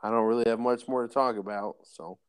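A man's voice: mid-range voice, steady tone, fairly quick. A man co-hosting a podcast in casual chat, wry and teasing. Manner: wry, teasing, mocking impressions. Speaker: podcast co-host.

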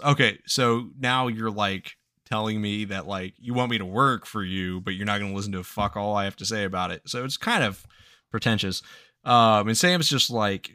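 A man recapping a story on a casual podcast, swearing freely and laughing between lines. His voice sits low but has a bright, forceful edge. The sound is close and dry. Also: normal speed, no room sound. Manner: profane, laughing, animated retelling with quoted voices. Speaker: podcast host recapping a game.

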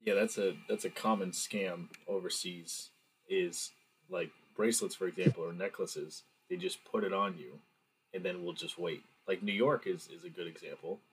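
A man's voice: sits low, normal speed, a little hiss or hum, rough recording. A young man chatting casually on a podcast, easygoing and a little hesitant. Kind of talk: casual chat.

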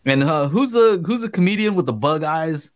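A man's voice: fairly high pitch, animated, normal speed. A man in casual chat, reacting to stories and laughing along.

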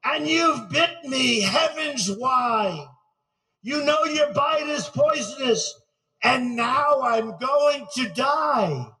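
A man voicing a kind, tender-hearted woman in a recited poem, loud and emphatic. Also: extremely high pitch, animated, slow, recorded from a distance, heavily acted, low-quality recording. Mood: dismayed.

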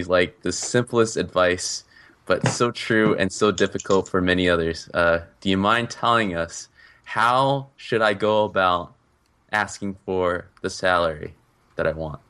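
A male podcast co-host with a lowish voice who laughs a lot. His questions wander through fillers and restarts in an easy, casual chat. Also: fairly bright tone, smooth. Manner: laughs often, rambling filler-heavy questions.

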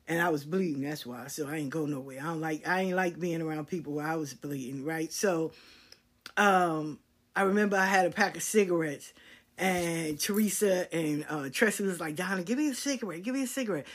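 A middle-aged woman hosting a casual chat show, telling stories in a blunt, profane, animated way. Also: deep voice, moderate pace, breathy edge. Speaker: talk show host.

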